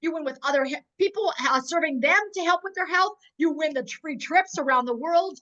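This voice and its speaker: A woman with a high, bright, sharp voice gives a fervent motivational pitch, repeating her rallying lines while on the edge of tears. She comes from North Dakota. Her audio has the muffled, lo-fi sound of a video call. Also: a little fast. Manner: emotional, on the verge of tears. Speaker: host of a sales webinar.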